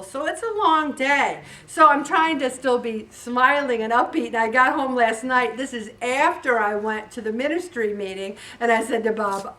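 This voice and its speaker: A woman's voice: fairly high pitch, far from the mic. A woman in her sixties from Syracuse, New York, giving a casual inspirational talk to her group and acting out the people in her stories. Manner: lively storyteller, acts out dialogue. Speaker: weight loss group leader.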